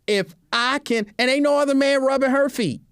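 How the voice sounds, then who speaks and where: A man's voice: extremely high pitch, moderate pace, fairly bright tone, no echo, studio quality. A man hosting a show, telling a comedic casual monologue with joking, repetitive asides. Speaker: show host.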